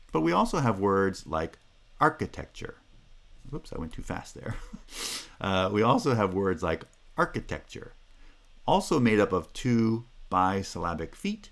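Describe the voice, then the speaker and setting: A man giving a recorded university lecture, explaining step by step with frequent "uh" fillers, self-corrections and example words repeated aloud. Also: deep voice. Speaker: linguistics lecturer.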